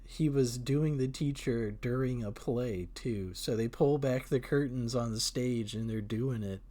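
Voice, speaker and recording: A young man co-hosting a podcast, chatting in a relaxed way and laughing often. His voice sits at a middle pitch for a man. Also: measured pace. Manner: laid-back, laughing, chatty. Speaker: podcast co-host. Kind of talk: casual chat.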